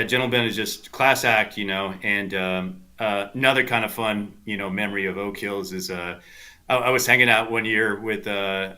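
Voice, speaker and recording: A man's voice: lowish voice, sharp tone. A man from South Texas, a golf instructor guest on a podcast, telling rambling anecdotes full of fillers and quoting people animatedly. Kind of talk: casual storytelling chat.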